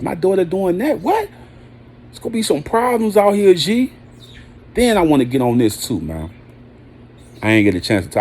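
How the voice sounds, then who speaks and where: A man's voice: fairly low pitch, mellow. A man delivering a heated, preachy vlog monologue, blunt and slangy, swearing freely and hammering short phrases. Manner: emphatic repetition of short phrases. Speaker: vlogger.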